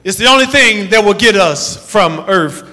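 A man's voice: high-pitched, lively intonation, moderate pace, bright, forceful tone. A man preaching a sermon to fellow pastors, with emphatic, rhythmic repetition. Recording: long reverb in a large hall.

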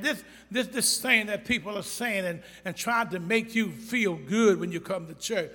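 In an echoey church hall, a man preaches to his congregation in a blunt, folksy way, speaking directly to them and working up to emphatic shouts. His voice is high-pitched, and he keeps a moderate pace with few pauses.

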